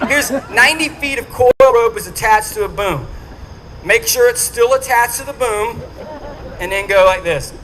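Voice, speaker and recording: A man with a high voice and fairly bright tone entertains a dinner audience at a moderate pace, acting out every quote as he animatedly tells his story. The rough recording picks up a faint crowd and the venue's quiet hum.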